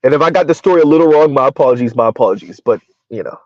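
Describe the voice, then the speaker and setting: This commentary channel host, a middle-aged man, rambles through a casual live-stream commentary full of fillers and laughs. He speaks at a medium pitch, animated and racing along. The audio is a dull, lo-fi dry recording.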